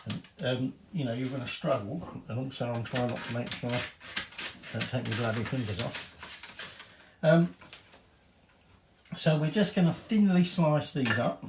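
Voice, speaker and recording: A man's voice: medium pitch, measured pace, long pauses, echoey room, background noise. A man giving a casual cooking demonstration in his home kitchen, chatty and rambling, with cheeky swearing. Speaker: home cook.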